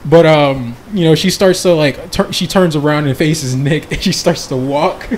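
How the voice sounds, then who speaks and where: A man's voice: on the high side, moderate pace, background noise. A man narrating a casual roleplay story, laughing often and rambling loosely. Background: background music.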